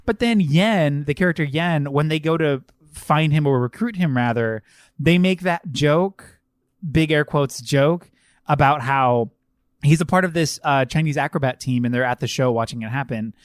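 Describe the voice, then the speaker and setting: A man's voice: a little high, moderate pace, dry recording, studio quality. A man co-hosting a podcast, chatting casually and animatedly about films, laughing and mocking put-on accents. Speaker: podcast co-host. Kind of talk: casual film-review chat.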